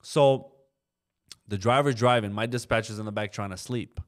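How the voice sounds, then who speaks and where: A man's voice: on the low side, normal speed. A young man telling a story in a casual podcast interview, acting out the voices of the people he quotes and leaning on fillers like "you know". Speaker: trucking company co-owner, podcast guest.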